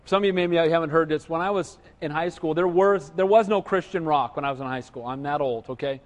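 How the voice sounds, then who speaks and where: A middle-aged pastor preaches quickly in a slightly high voice, and the muffled recording has a long reverb tail. His sermon mixes humorous storytelling and jokes, and he often asks listeners "right?".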